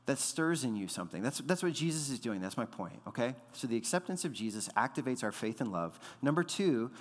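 A pastor in his thirties preaches in a relaxed, conversational way, repeating words and dropping in fillers as he goes. His voice sits at an ordinary pitch for a man. It rings out with a long reverb, as if from a large church hall. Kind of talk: sermon.

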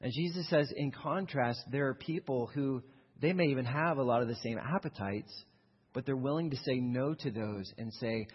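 A man's voice: medium pitch, normal speed, husky. A man preaching a sermon as pastor, earnest and conversational, explaining his points and acting out quoted voices. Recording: dull long reverb of a large hall.

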